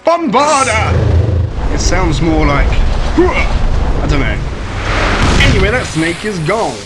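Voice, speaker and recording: A man giving casual, rambling commentary on a mobile game, with lots of ums and sudden excited outbursts. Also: a little high, slow pace, heavy background noise.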